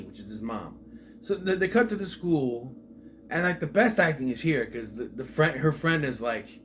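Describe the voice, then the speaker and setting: A man's voice: mid-range voice, expressive, normal speed, a little hiss or hum. A man giving a casual spoken film review, retelling scenes with incredulous rhetorical questions. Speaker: movie reviewer.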